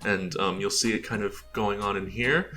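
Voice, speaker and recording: Low-voiced American man presenting casually. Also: steady tone, normal speed, pushed and bright. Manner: rambling, heavy on filler words, chuckling. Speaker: presenter showing his game build.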